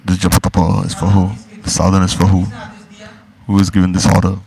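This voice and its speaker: A man's voice: sits low, completely flat delivery, quick pace, vocal fry, darkish tone, rough recording. A man giving a devotional discourse, pressing his listeners with repeated rhetorical questions. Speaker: spiritual teacher.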